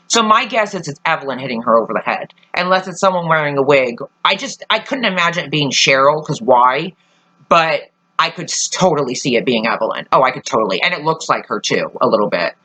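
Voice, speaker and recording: Bright, chatty young woman vlogger. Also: sits low, animated, fairly quick, poor audio. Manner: chatty, swears often, trails off and restarts. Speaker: vlogger reviewing a TV trailer. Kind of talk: casual chat.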